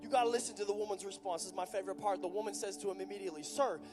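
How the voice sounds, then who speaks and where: A man preaching a passionate sermon at a live event, building to loud, urgent delivery. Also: high voice, fairly even intonation, rapid-fire, music in the background.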